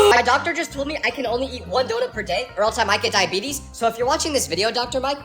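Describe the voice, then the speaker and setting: A woman doing short comedic skits to camera, playful and exaggerated with quick punchlines. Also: on the high side, lively intonation, a bit bright, soft background music. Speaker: comedy TikTok creator.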